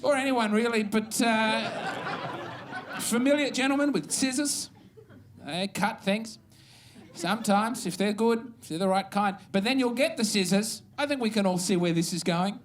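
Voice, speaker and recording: A man's voice: high voice, normal speed, slight background noise. An Australian man performing a stand-up set on a comedy club stage, with a wry, meandering, self-mocking delivery.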